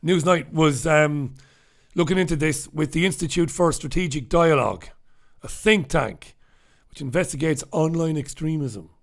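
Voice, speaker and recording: A blunt, sarcastic Irish man hosting a solo news review show, reading out chat comments and swearing freely as he goes. His voice sits a little high for a man and has a gravelly, crackling edge. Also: moderate pace. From Ireland. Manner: blunt, sarcastic and profane, with asides and laughs. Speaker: host.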